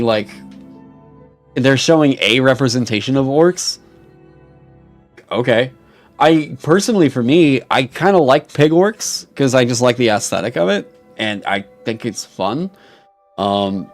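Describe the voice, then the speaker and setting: A young man streaming casually, reading chat aloud and reacting with animated, swear-filled mock outrage. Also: mid-range voice.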